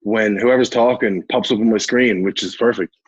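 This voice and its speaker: A young Irish man with a low, husky voice talks easily over a video call. He jokes and swears in a relaxed way. He sounds like a guest settling into a friendly chat. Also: normal speed, muffled recording. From Ireland. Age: 20s. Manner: laid-back, swearing, joking. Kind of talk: casual chat.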